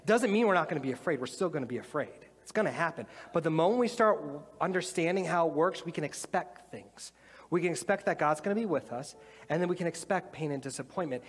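A man giving a casual, animated sermon, talking conversationally and acting out little voices as he explains. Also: a little high, breathy edge. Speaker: preacher. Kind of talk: sermon with demonstration. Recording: long hall reverb, faint music.

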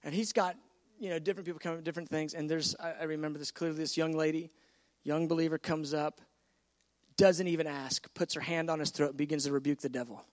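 A man preaching a sermon, telling a story in an animated way and acting out the voices of the people in it. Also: a little high, fast talker, in a large hall. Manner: animated, acts out voices in stories.

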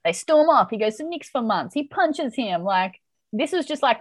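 A woman's voice: on the high side, very animated, normal speed, no echo, poor audio. A woman co-hosting a casual chat, animatedly retelling a TV episode and reacting with laughs. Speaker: podcast co-host recapping a TV episode.

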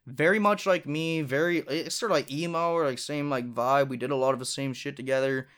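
A young man hosts his own podcast, spinning a long personal story in a loose, rambling way. He swears freely and leans on filler words, and his voice sits at an ordinary middle pitch for a man. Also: steady tone, brisk, fairly bright tone. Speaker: podcast host.

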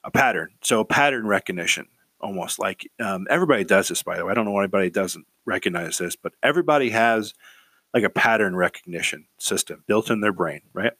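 A man's voice: lowish voice, expressive, quick pace, a bit bright, no echo. Rambling man giving career advice. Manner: rambling, repeats words, keeps asking "right?". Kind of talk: casual advice monologue.

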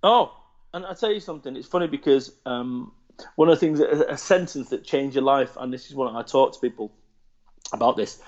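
A man's voice: mid-range voice, fairly quick, highs cut off. A man, chatting bluntly and swearing freely as he tells stories about himself. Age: 40s. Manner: blunt, sweary, animated storytelling. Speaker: podcast guest. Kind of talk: casual chat.

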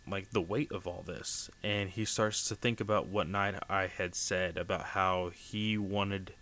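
A man's voice: sits low, fairly even intonation, unhurried, bright, forceful tone. A man hosting a podcast, recapping manga chapters in a casual, earnest and heartfelt way, filling his talk with "uh" and "you know.". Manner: earnest and heartfelt, heavy use of fillers.

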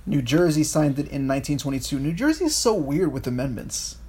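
Man, casual podcast talk, rambling, swearing, slightly high voice. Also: sing-song, a little fast, a little mellow, slightly rough. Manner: rambling, swears, restarts often. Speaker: podcast co-host. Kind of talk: casual history chat.

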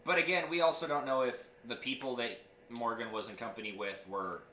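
A man co-hosting a casual podcast, telling stories loudly and swearing freely. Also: mid-range voice, brisk, echoey room, a little hiss or hum. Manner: loud animated storytelling, swears freely. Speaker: podcast co-host. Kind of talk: casual chat.

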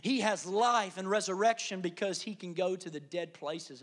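A middle-aged man preaching a dramatic sermon in a high voice. He drops to near-whispers for the tender parts, then climbs back to loud, driving lines. He acts out the people in the story as he goes. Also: fairly even intonation, moderate pace, few pauses. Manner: dramatic, swings from loud shouting to hushed whispers, acts out quotes. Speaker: pastor.

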